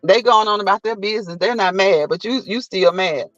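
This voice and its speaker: A high-pitched man talks a little fast as host of a casual live chat; there's no room sound, the highs are cut off, and faint music plays underneath. Animated in his storytelling, he performs people's quotes and laughs a lot.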